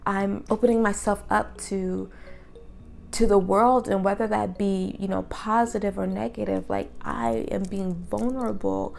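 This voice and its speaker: A woman's voice: mid-range voice, unhurried, gravelly, darkish tone. A young woman talking earnestly and openly to the camera in a personal vlog, sometimes dropping to a whisper. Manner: earnest, open and reflective, drops to a whisper at times. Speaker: vlogger.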